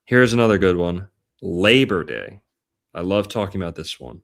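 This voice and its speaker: A man's voice: deep voice, very animated, moderate pace, creaky, fairly bright tone. A man hosting a casual podcast chat about astrology, playful and punning, stretching out words for emphasis. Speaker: podcast host.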